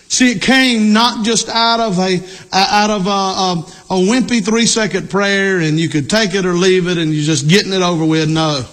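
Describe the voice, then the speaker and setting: A middle-aged male pastor preaching a sermon, emphatic, repeating key lines and rising to shouts. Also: high-pitched, a little slow.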